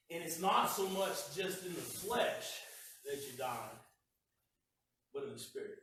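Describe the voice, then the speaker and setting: A man's voice: on the high side, animated, moderate pace, a bit bright, a little hiss or hum. A male pastor preaching a sermon in a folksy, conversational way, often repeating words. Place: church sanctuary. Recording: echoey church heard from a distance.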